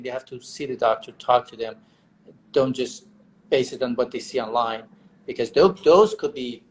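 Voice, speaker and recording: A man's voice: mid-range voice, slight background noise, rough recording. A man, a surgeon guest on a live video chat, talking earnestly and repeating words as he sorts out his thoughts. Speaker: hair transplant surgeon, guest. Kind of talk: casual live-stream chat. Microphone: video call.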